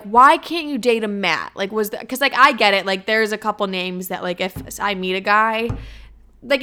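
A woman's voice: on the high side, sharp tone, smooth. A young woman hosting a podcast, telling stories in a casual, blunt, profane way and saying "like" constantly. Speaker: podcast host. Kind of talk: casual storytelling monologue.

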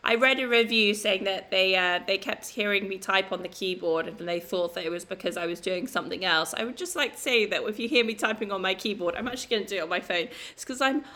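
A woman's voice: mid-range voice, fast, hardly any pauses, pushed and bright. A woman hosting a podcast in a casual chat, talking chattily and filling her speech with "like". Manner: chatty, filler-heavy, many "like"s. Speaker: podcast host.

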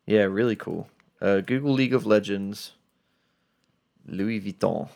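A man co-hosts a loose chat about video games, throwing in blunt, jokey asides. His voice is low with a gravelly, creaky edge. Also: measured pace, darkish tone. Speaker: podcast co-host.

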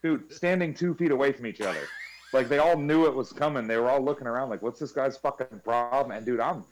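A man's voice: medium pitch, fast, slight background noise. A man co-hosting a podcast, swearing freely and telling stories in casual chat. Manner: storytelling, imitates others with a raised voice; swears freely, laughs mid-story. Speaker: podcast co-host.

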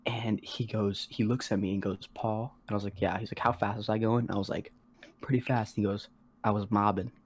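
Slangy low-voiced teenage guy. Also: flat delivery, a little fast, slight background noise. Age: teens. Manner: slangy, rambling, heavy on "like" and swearing; acts out quoted voices of others. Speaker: podcast co-host. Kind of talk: casual storytelling.

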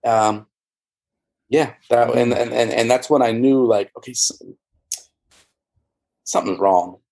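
A man's voice: mid-range voice, a little slow, gravelly, a little mellow. A man, an interview guest and former church member, recounting his experiences in a rambling, candid way with many fillers and restarts. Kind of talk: candid conversational storytelling.

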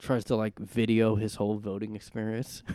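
A man's voice: on the low side, completely flat delivery, moderate pace, warm tone, smooth, no echo. A man hosting a casual solo podcast from his room, talking in a sarcastic, rambling way. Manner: sarcastic, rambling, mocks with put-on voices. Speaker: podcast host. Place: room at home.

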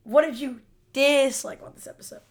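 A woman's voice: high-pitched, steady tone, fairly quick. A woman co-hosting a podcast in casual chat, laughing along and steering the discussion. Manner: easygoing, laughs along, leads the segments. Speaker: podcast co-host. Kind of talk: casual chat about a TV episode.

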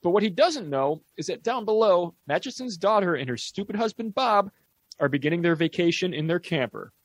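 A man co-hosting a podcast, recapping a horror movie plot in a relaxed, profane storytelling way. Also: high-pitched, a little fast, dry recording. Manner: relaxed storytelling, swears casually. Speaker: podcast co-host. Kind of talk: casual movie recap chat.

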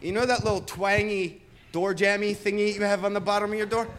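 A man doing stand-up comedy, telling stories with animated shouted bits. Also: high-pitched, a little fast. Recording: club recording with audible room noise.

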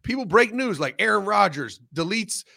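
A man co-hosting a casual sports talk show, blunt and profane, giving animated opinions. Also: high-pitched, moderate pace, gravelly.

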